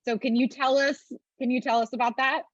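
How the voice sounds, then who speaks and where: A woman's voice: high-pitched, level tone, brisk, no echo. Enthusiastic woman interviewer, dull lo-fi sound. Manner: warm, enthusiastic praise with fillers. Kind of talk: interview questions. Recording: dry, dull lo-fi audio.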